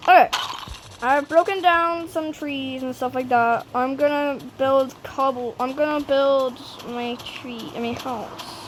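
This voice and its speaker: A woman rambling through casual game commentary, getting excited, shrieking at the game and scolding her dogs. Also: high-pitched, slow pace. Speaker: gaming channel host. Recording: loud background noise. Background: dogs nearby.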